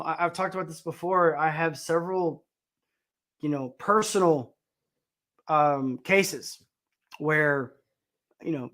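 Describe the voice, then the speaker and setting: A man's voice: fairly high pitch, fairly bright tone. A man hosting a casual show, talking bluntly about the news with swearing, fillers and restarts. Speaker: host. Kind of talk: ranting commentary on news clips.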